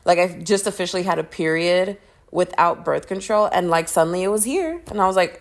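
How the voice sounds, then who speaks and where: A young woman hosting a podcast, chatting casually in slangy, animated talk full of "like" and "dude". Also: lowish voice, normal speed. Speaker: podcast host. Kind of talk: casual chat. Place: Texas.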